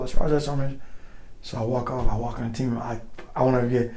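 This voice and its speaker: A man's voice: mid-range voice, fairly even intonation, very fast, warm tone, rough recording. A middle-aged man, a former soldier and the guest, telling stories in casual chat. He is profane and slangy and acts out other people's voices. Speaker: guest, former Green Beret.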